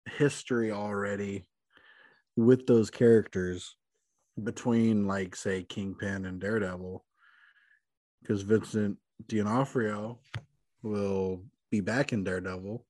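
A man co-hosting a podcast in casual chat, asking questions, teasing and halting between words. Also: on the low side, fairly even intonation, a little mellow, no room sound. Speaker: podcast co-host.

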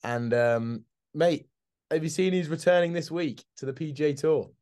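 A man's voice: a little high, normal speed, darkish tone. A man, co-hosting a casual sports podcast, laughing often, calling his friend mate, and repeating words as he goes. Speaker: podcast co-host.

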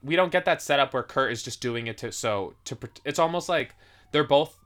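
Guy cohosting a podcast, bright voice, rambles, keeps saying like and restarting. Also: mid-range voice, expressive, a little fast. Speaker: podcast co-host. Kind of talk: casual chat.

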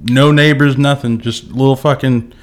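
A man's voice: mid-range voice, moderate pace. A young man with a Kentucky accent, co-hosting a casual podcast, telling stories with lots of swearing. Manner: animated storyteller, swears a lot, says bro. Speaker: podcast co-host. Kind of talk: casual chat.

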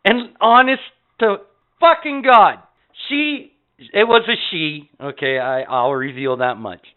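A man hosting a podcast, telling an anecdote casually with lots of swearing and animated delivery. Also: high-pitched, slow pace, smooth. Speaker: podcast host. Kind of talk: casual storytelling. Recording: tinny phone-like sound.

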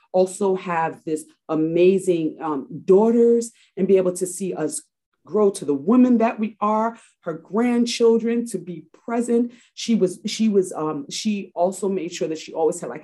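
Mellow, reflective woman from Harlem. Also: lowish voice. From Harlem, New York. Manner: reflective, with frequent restarts and fillers. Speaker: interview guest. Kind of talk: personal storytelling in an interview.

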